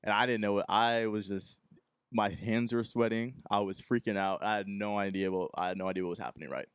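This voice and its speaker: Low, smooth young man telling a story. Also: fairly even intonation, a little fast, dry recording, clean studio sound. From Texas. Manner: rambling anecdote, acting out the people he quotes. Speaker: podcast host. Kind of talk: casual solo podcast storytelling.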